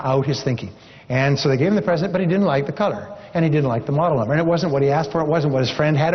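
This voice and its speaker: A man giving a motivational seminar speech, encouraging and repetitive, telling a story to drive home his point. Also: fairly high pitch. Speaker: seminar speaker. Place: large seminar hall. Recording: dull lo-fi recording with long hall reverb.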